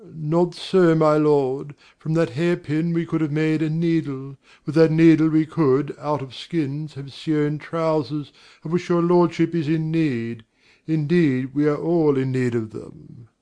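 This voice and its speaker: A man's voice: a little high, steady tone, measured pace, warm tone, clean tone, natural voice. A man playing a formal, deferential butler in an amateur drama reading. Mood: respectful. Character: faithful, deferential male butler.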